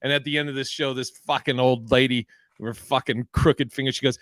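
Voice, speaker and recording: A man's voice: mid-range voice, fairly even intonation, fairly quick, few pauses, fairly bright tone, no room sound, studio quality. A man hosting a comedy podcast, telling stories in rambling, profane casual chat with many restarts.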